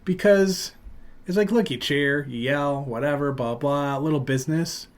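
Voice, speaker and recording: A man hosting a podcast, telling a long story in casual chat and loudly acting out what people said. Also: fairly high pitch, moderate pace. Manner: animated, acts out loud quotes of other people. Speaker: podcast host.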